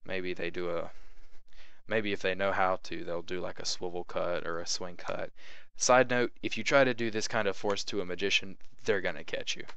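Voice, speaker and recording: A man's voice: low-pitched, fairly even intonation, moderate pace, vocal fry, bright, forceful tone, clean tone, no room sound. Chatty young man teaching card tricks. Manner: chatty, repeats "okay?" to check in, acts out patter. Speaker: magic tutorial host. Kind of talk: casual card-trick tutorial.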